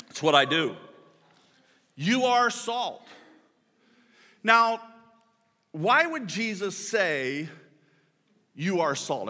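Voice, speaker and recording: A man's voice: fairly high pitch, bright, forceful tone, long reverb tail, slight background noise. A man preaching a sermon to his congregation, repeating words as he builds a point and tossing playful asides to the room. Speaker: pastor. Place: church hall with a congregation.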